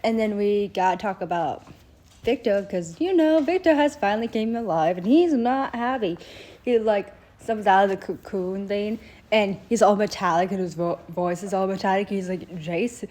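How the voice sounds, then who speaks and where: Brief: young adult woman, casual recap chat, rambling, filler-heavy, mid-pitched, acts out character quotes. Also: moderate pace, a little mellow. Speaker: show reviewer.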